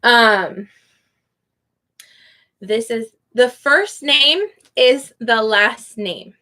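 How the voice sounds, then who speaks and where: A young woman teaching in a relaxed, chatty way, saying each name slowly and carefully so the listener can follow. Her voice sits a little high for a woman, and she takes her time between phrases. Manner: slow, careful, drawn-out name pronunciation. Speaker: online English teacher. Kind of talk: casual live teaching chat.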